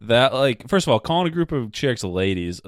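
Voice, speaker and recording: A man's voice: mid-range voice, big pitch swings, moderate pace, dry recording, studio quality. A man co-hosting a comedy podcast, reacting laid-back with laughs and casual swearing. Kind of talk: casual banter.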